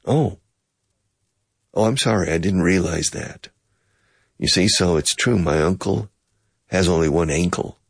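Unhurried and leaving long pauses, this English teacher has a gravelly, husky voice. He makes the lesson playful by acting out both halves of a conversation in different pitches and explaining phrases with bits of Spanish. The studio-quality audio has no room sound.

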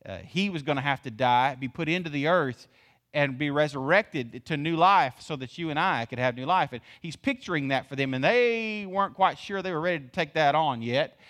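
A man's voice: fairly high pitch, normal speed, fairly bright tone. A male pastor, preaching a sermon with folksy, emphatic rhetorical questions. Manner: folksy, calls the congregation y'all.

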